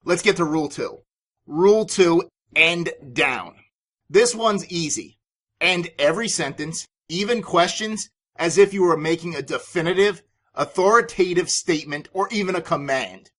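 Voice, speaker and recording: A man's voice: fairly high pitch, moderate pace, a bit bright. A man hosting a business podcast, giving sales advice in an emphatic, authoritative way. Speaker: podcast host and sales coach.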